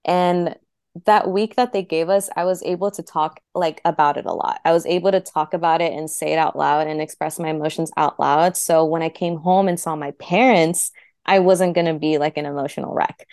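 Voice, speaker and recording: Smooth low-pitched young woman, dry sound. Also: a little mellow, dry recording. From United States. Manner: chatty, heavy use of "like", heartfelt. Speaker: interview guest. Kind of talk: casual personal storytelling.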